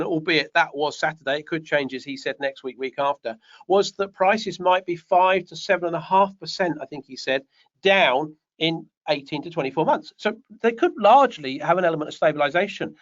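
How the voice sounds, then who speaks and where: High-voiced guy rambling thru a property q&a, kinda muffled video call sound. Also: a bit bright. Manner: chatty, rambling, joking asides. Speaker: property development coach. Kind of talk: online Q&A session. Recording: dull lo-fi online call audio.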